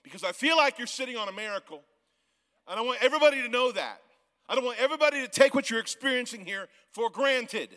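A man in his forties, a guest pastor from the Missouri Ozarks, preaching a sermon in a church auditorium, loud and yelling, often laughing. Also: extremely high pitch, expressive, fast. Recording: long church hall reverb.

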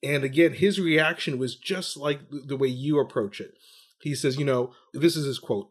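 A man's voice: medium pitch, normal speed. A man hosting a podcast, explaining things in a thoughtful, conversational way. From Canada. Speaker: podcast host and physician.

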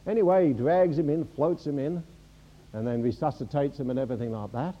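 A man preaching a sermon, animated and joking with the congregation. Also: on the high side, moderate pace, muffled recording. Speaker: pastor.

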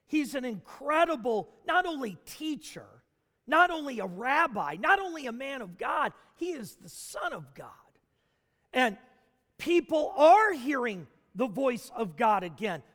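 A man preaching a sermon, emphatic, with dramatic pauses. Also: very high voice, fairly bright tone. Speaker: pastor. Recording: long hall reverb.

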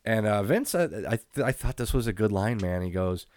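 Low-voiced guy casually recapping wrestling, swears a lot, chuckles, dry close mic. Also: expressive, normal speed, a little mellow, no room sound. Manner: laid-back, profane, laughs often while recapping. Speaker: podcast co-host.

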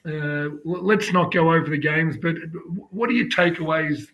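Higher-voiced Australian man hosting a podcast. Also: normal speed, highs cut off. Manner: conversational, steers topics. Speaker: podcast co-host. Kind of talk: casual chat.

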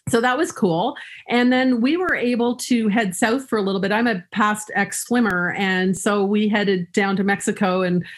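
A woman's voice: medium pitch, moderate pace. A woman guest in an interview, telling personal stories in an upbeat, humorous way and often laughing. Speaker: guest speaker. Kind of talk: storytelling in an interview.

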